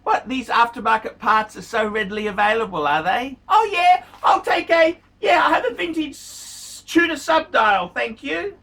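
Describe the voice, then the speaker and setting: A man's voice: very high voice, expressive, normal speed, creaky, few pauses, pushed and bright, recorded from a distance. Furious, swearing man, set back from the mic. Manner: furious, swearing, repeats insults. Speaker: watch vlogger. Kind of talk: angry profane rant to camera.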